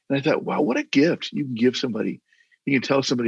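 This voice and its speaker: An older man with a gravelly, husky voice talks in a casual interview over a video call. He tells his stories earnestly and rambles, restarting his sentences often. The dull, dry audio has little room sound. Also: mid-range voice, lively intonation, racing, no room sound. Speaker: guest, former mayor.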